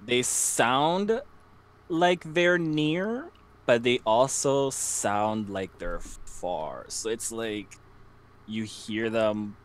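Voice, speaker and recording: Slow-talking male game master. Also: mid-range voice. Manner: slow, hesitant narration with many ums. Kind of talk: narrating a tabletop game over voice chat.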